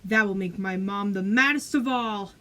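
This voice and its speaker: A woman's voice: medium pitch, moderate pace, a bit bright, close to an everyday voice. A woman voicing a clever, defiant young girl in a storybook reading, with cheeky retorts. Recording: roomy echo.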